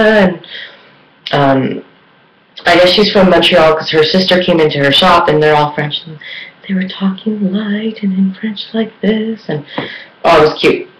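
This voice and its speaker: A woman's voice: fairly low pitch, unhurried, slight background noise. A woman chatting casually in a beauty vlog, rambling with lots of fillers. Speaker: beauty vlogger. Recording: echoey room.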